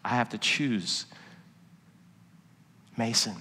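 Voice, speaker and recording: A middle-aged man gives a sermon in a church, and his fairly high voice rings out into a long hall reverb. He tells personal stories in a hushed, confessional tone and then rises to emphatic, preacherly points. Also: normal speed. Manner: confessional storytelling, swings from quiet to emphatic. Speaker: worship pastor. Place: church sanctuary.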